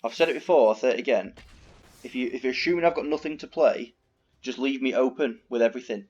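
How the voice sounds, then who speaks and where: A man's voice: medium pitch, quick pace, darkish tone. Brit guy talking through a card game, swears a lot, kinda dull lo-fi mic. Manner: swearing, exasperated ranting. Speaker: gaming video host. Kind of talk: casual game commentary. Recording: dull lo-fi recording.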